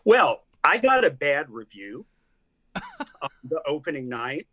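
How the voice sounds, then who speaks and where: A man's voice: a little high, big pitch swings, measured pace, sharp tone. An older man from Tennessee with a Southern accent, a guest critic telling stories in a casual interview with frequent restarts. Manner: chatty storyteller, many restarts and laughs. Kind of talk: casual video-call interview.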